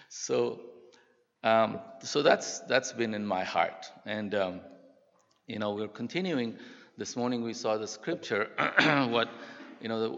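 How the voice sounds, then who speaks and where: An older man, a pastor, preaching a sermon in a church in an earnest, halting way. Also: lowish voice, vocal fry, fairly bright tone. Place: church sanctuary. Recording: dull sound with long hall reverb.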